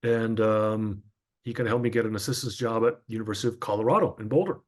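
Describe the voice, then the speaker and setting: A man's voice: lowish voice, quick pace. A man in his fifties from northern New Jersey, a former sportscaster, telling his life story as an interview guest in a chatty, anecdotal way with frequent fillers.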